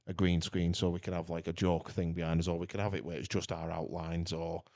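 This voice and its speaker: A man talking loosely on a podcast, his voice low and warm. He rambles and jumps between thoughts, with plenty of energy. The sound is dry and close to the mic. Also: brisk, creaky, no room sound. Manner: rambling, animated, chatty. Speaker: podcast co-host. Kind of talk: casual chat.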